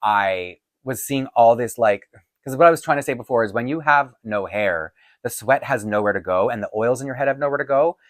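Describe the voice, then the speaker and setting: A man's voice: medium pitch, brisk, no echo. A man hosting a casual question-and-answer video, chatty and rambling, laughing often, with a voice getting tired. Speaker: doll collecting channel host. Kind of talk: casual Q&A chat to camera. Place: home filming set-up.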